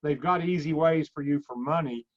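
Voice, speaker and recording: A man's voice: fairly high pitch, moderate pace. Opinionated man on a dull call line. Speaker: panelist on industry call. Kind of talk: casual chat.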